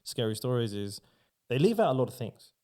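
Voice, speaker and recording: A man's voice: medium pitch, big pitch swings, brisk, a little mellow. A man chatting casually on a podcast, rambling through spooky stories with lots of swearing and filler words. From Australia. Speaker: podcast guest. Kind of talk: casual storytelling chat.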